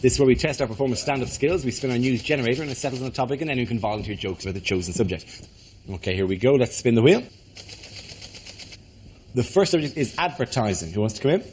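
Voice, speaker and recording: Lively male comedy show host. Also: medium pitch, quick pace, slight background noise. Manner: lively, announcing rounds with wry asides. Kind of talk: hosting a comedy panel show.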